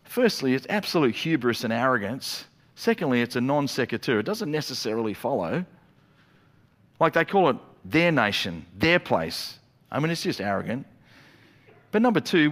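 A man preaching a sermon as a pastor, telling the story in a lively way with quick acted-out asides. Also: medium pitch. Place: church auditorium. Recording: long reverb of a church hall.

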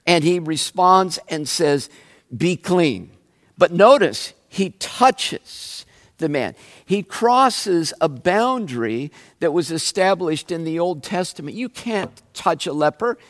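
A male pastor delivers a sermon at an unhurried, measured pace. His voice sits somewhat high, and he drives home his points with emphatic, searching questions. The sound carries a long reverb, as in a large sanctuary. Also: lively intonation, a bit bright. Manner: slow, emphatic preaching with rising questions.

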